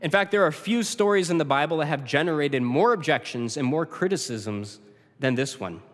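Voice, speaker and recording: A man preaching in a church, his voice rising and falling with wide, lively swings of pitch. It sits a little above the usual male register, with phrase endings that sink low and quiet. A long church reverb trails behind every line. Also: moderate pace. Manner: expressive preaching, dropping low and soft at phrase ends. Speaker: pastor. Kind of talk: sermon. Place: church sanctuary.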